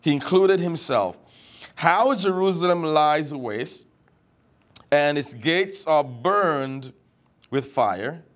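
A middle-aged man preaching a sermon, slow and emphatic, repeating key phrases for weight. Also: fairly high pitch, expressive.

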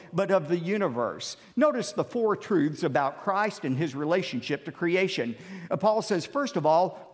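A man preaching a sermon as pastor, emphatic, with dramatic pauses. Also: a little high. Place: large church sanctuary. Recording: long hall reverb.

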